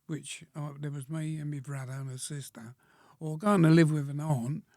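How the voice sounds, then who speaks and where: A 100-year-old war veteran reminiscing as an interview guest, speaking plainly and slowly, with pauses and throat-clearing. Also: male voice, a little high, darkish tone, no echo, studio quality. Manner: plain-spoken, slow storytelling, frequent pauses and throat-clearing.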